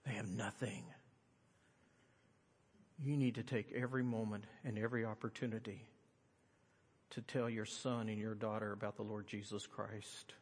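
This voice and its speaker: A man's voice: little pitch movement, normal speed. Impassioned male preacher in a reverberant hall. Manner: preaching with surges to loud, high emphasis, then dropping to quiet earnest tones. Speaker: pastor. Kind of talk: sermon.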